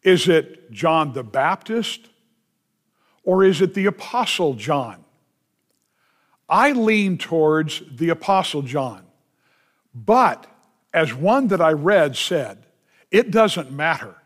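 Pastor guy preaching, kinda high voice, leans hard on words then rushes asides. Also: sing-song. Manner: emphatic preaching with slow drawn-out stresses and quick asides. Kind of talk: sermon.

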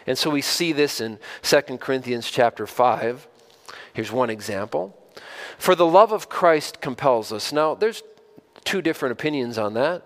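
A man preaching a sermon in a conversational way, often repeating words and putting direct questions to his listeners, then building to emphatic stresses. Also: mid-range voice. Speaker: pastor.

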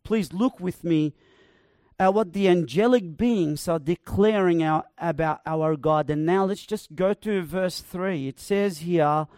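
A man preaching a sermon, building to emphatic proclamations with slow, repeated phrases. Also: on the high side, a little mellow, smooth, no echo, clean studio sound.

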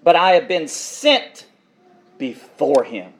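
A male preacher with a notably high voice delivers a sermon, reading Bible verses and then unpacking them. He talks emphatically and repeats key phrases for effect. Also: very animated, slow pace. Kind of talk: expository sermon reading scripture.

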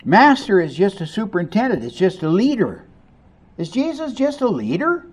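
A man preaching a sermon as pastor, moving between hushed and emphatic lines and asking the congregation rhetorical questions. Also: sits high, huge pitch swings, normal speed, husky.

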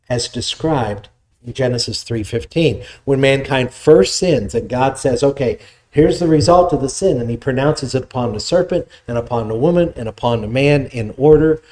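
Male pastor, mellow tone, conversational sermon delivery. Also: medium pitch. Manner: explanatory, conversational preaching with restarts.

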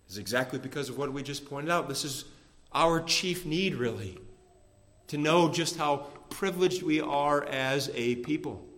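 A man preaching a sermon to his congregation, measured and emphatic, slowing down to stress key phrases. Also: medium pitch, a bit bright. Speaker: pastor. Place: church sanctuary. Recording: long reverb of a church hall.

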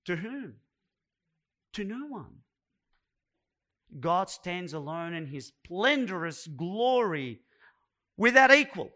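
A man's voice: high voice, big pitch swings, takes it slowly, pauses often, pushed and bright. A man preaching a sermon as pastor, emphatic and repeating words for weight.

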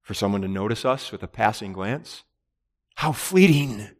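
A man's voice: on the low side, lively intonation, normal speed. Emphatic preaching man in a reverberant hall. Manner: earnest, emphatic preaching with rhetorical questions. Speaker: pastor. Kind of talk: sermon.

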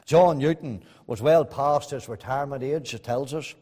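A man preaching a sermon, swinging between loud emphatic bursts and soft, hushed asides. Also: mid-range voice, moderate pace, husky. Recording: long reverb in a hall.

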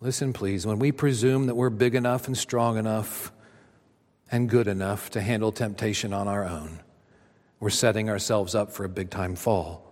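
A man's voice: on the low side, steady tone, normal speed, a little mellow, long reverb tail. A man preaching a sermon as a pastor, speaking emphatically with dramatic rises and drops.

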